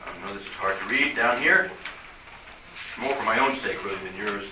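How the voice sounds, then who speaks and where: A man's voice: fairly low pitch, normal speed, noisy background. A man teaching a conversational Bible study. He asks his listeners rhetorical questions and acts out quoted voices.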